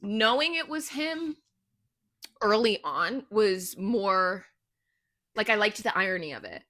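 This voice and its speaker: A woman's voice: mid-range voice, animated, sharp tone. A young woman co-hosting a book podcast, chatting casually, laughing often and acting out characters' lines. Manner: bubbly, quick to laugh and act out lines. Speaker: podcast co-host.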